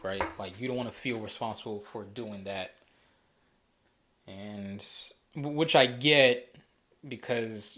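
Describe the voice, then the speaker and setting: A man hosting a casual solo talk show, rambling easily with frequent restarts and fillers. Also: fairly low pitch. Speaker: podcast host.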